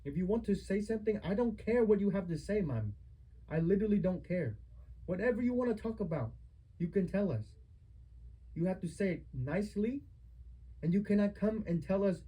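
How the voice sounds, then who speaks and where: Young guy with a husky, high-ish voice, fired up and firing question after question at his mom. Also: animated, fairly quick, dark tone, poor audio. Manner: accusing, repetitive rhetorical questions. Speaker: son confronting his mother. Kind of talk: heated family argument.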